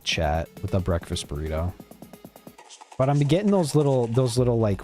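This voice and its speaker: A man's voice: lowish voice, dark tone. Laid-back man streaming a game. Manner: rambling, laid-back, swears casually. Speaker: live streamer. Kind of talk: casual gameplay commentary talking to chat.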